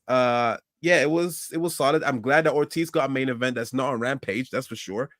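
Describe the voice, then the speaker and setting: A man's voice: mid-range voice, brisk, a bit bright, dry recording, clean studio sound. A man co-hosting a casual podcast discussion who talks hesitantly, restarting and trailing off. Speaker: podcast co-host.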